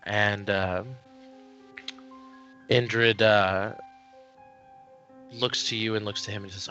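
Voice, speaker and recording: A man narrating a tabletop game as game master, unhurried and full of fillers. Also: on the low side, flat delivery, sharp tone, faint music behind.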